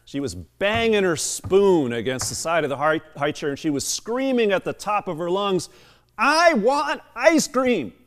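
A middle-aged pastor preaches in a church, his somewhat high voice rising and falling with lively expression. He moves between reading scripture and relaxed, chatty storytelling. The sound rings out with a long hall reverb. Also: moderate pace, hardly any pauses. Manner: storytelling, chatty asides with fillers. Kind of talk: sermon. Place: church sanctuary.

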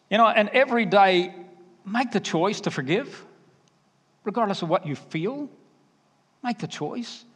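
A man with a Southern accent preaching a sermon, emphatic and conversational, dropping to quiet asides. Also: high-pitched, animated, a little slow, pauses often, slightly rough. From Alabama. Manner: emphatic, varies loudness, drops to quiet asides. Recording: reverberant hall.

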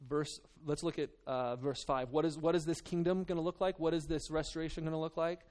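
A man's voice: on the high side, fairly even intonation, brisk, darkish tone. A man preaching a sermon to his church, reading scripture, then talking in a loose, earnest way with many restarts and fillers. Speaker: pastor.

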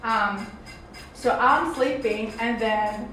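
A young woman tells a personal faith testimony in a meandering way, full of fillers and restarts. Her voice sits a little high. She sounds far from the mic in a very echoey room with faint background noise. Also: slow pace, a bit bright. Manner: rambling, many fillers and restarts. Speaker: testimony speaker.

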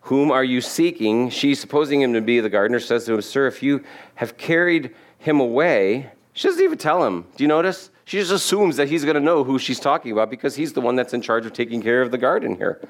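A man's voice: medium pitch, very animated, fast talker, hardly any pauses. Man preaching a conversational sermon. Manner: conversational, humorous asides. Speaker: pastor. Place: church sanctuary.

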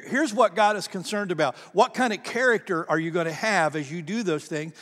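Guy preaching, high voice for a man, chatty story style, long church echo. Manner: conversational, repeats words, laughs at own stories. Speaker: pastor. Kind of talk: sermon with storytelling. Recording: long reverb of a large hall.

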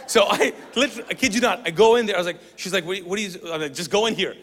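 A man from the Middle East preaching a sermon, telling a story with acted-out dialogue and moving between loud bursts and quiet, hushed lines. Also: high voice, quick pace, hardly any pauses. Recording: long reverb of a large hall.

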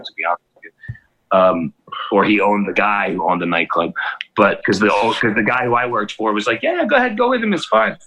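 A man in his forties hosting a casual chat, telling long rambling stories full of swearing and excited asides. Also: lowish voice, low-quality recording. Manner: rambling, profane, animated storytelling. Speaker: DJ and podcast host.

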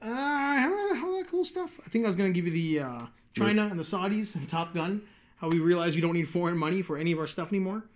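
A young man co-hosting a casual podcast chat, opinionated and animated, swearing freely. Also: high-pitched, very fast. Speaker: podcast co-host.

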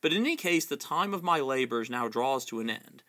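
A grave old wizard speaks in a measured, patient way in a storybook reading, as a man puts him on. The tone is bright and clear, steady rather than showy, with a firm authority. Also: medium pitch.

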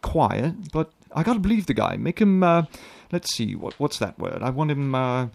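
An actor playing a fussy radio drama director who hesitates a lot, full of ums and restarts. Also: male voice, medium pitch, sing-song, normal speed, vocal fry.

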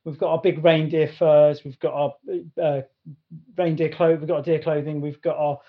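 A man's voice: on the high side, little pitch movement, normal speed. A man co-hosting a podcast, telling a story casually in a rambling way, full of restarts. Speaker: podcast co-host. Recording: dull lo-fi sound.

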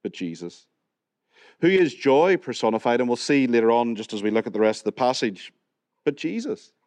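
Northern Irish preacher, dry close sound. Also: male voice, medium pitch, lively intonation, fast talker, darkish tone, no room sound. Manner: conversational, asks the congregation questions, jokes and laughs now and then. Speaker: pastor. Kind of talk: sermon. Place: church hall.

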